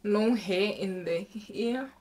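A young woman talks to her camera in a loose, chatty vlog style. Her voice sits at a middle pitch for a woman. She often jumps up into high, excited squeals. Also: slow pace, noisy background. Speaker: vlogger. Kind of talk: casual vlog chat.

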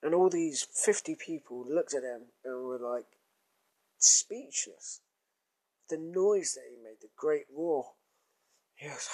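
A man's voice: a little high, lively intonation, mellow. A man telling a crude comic story in a casual, rambling way. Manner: rambling, crude, drawn-out groans.

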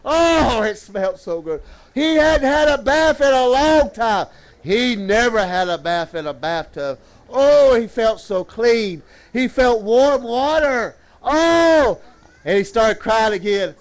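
Calling out to the churchgoers, a man preaches a sermon built around a story, sinking into slow and dramatic phrasing. His voice is very high, and his intonation is lively.

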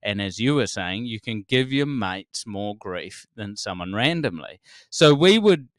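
A man in his forties with a New Zealand accent, a comedian telling stories as a podcast guest, animated, laughing often and swearing freely. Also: fairly low pitch, measured pace, no echo, studio quality. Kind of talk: casual conversation.

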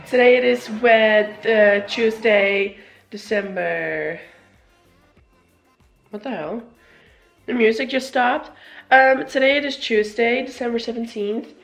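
A woman's voice: on the high side, a bit bright. A young woman vlogging in a casual, rambling way, with a sore throat and a voice partly gone from a cold. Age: young adult. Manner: chatty, rambling, self-correcting, mildly sarcastic. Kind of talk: casual vlog chat.

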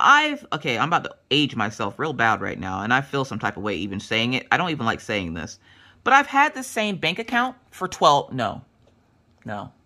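Animated woman in her 30s, low voice that swings a lot, rambling story chat. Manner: animated, chatty, acts out voices of others in her stories. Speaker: craft vlogger.

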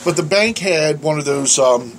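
A man's voice: fairly high pitch, normal speed, noisy background. A man co-hosting a casual podcast, telling profane stories with lots of laughter. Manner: animated, profane storytelling with frequent laughs. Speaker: podcast co-host.

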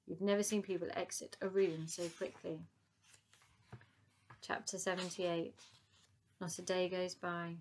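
A woman narrating a children's audiobook in a lively, expressive reading. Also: on the low side, a little slow, pauses often.

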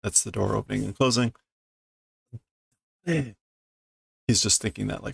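A man reading a comic aloud and translating it as he goes, thinking aloud with halting restarts and fillers. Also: fairly low pitch, vocal fry, fairly bright tone, breathy edge, no room sound. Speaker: Japanese learner reading a comic on stream.

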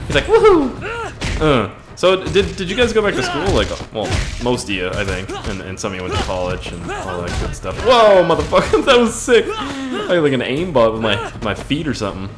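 A young man from Canada giving excitable, profane let's play commentary, laughing and reacting loudly as he plays. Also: on the low side, brisk, few pauses. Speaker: gaming channel host. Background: game music and sound effects.

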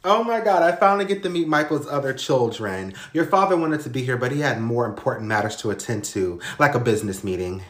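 A man's voice: mid-range voice, lively intonation, quick pace, few pauses, a bit bright, roomy sound, voice pushed down, lightly acted. A man voicing a prim, condescending stepmother who speaks in a sugary tone.

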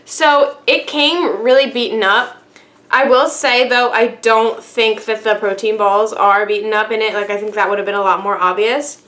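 A woman's voice: on the high side, steady tone, normal speed, a bit bright. A young woman from the United States, chatting bubbly and casually with lots of fillers as she reviews a product for her vlog. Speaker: YouTube vlogger. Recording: echoey room.

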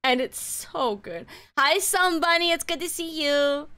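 A woman streaming and chatting, giddy, laughing a lot and swearing as she talks in excited bursts. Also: high-pitched, measured pace. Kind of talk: excited casual stream chat.

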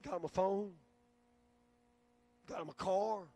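A man's voice: sits high, fairly even intonation, takes it slowly, mellow. A male pastor preaching a sermon in a folksy storytelling way, often repeating words as he restarts a phrase.

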